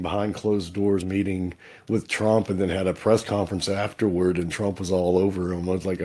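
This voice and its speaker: A man co-hosting a casual comedy podcast, cracking crude jokes in a deadpan way. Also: low voice, normal speed. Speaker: podcast co-host.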